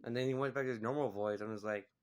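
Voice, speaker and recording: A man talks through a movie review in a loose, casual way. He rambles and leans on "like" and "you know" as he goes. His voice sits at an ordinary middle pitch. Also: steady tone, very fast, clear, resonant tone.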